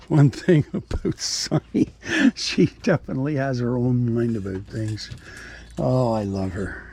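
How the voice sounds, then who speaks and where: A man's voice: mid-range voice, measured pace, warm tone, slight background noise. A man rambling in a casual vlog, chatty and self-deprecating, swearing now and then as he moves around his home and yard. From Canada. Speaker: vlogger. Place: home and yard with animals, partly outdoors.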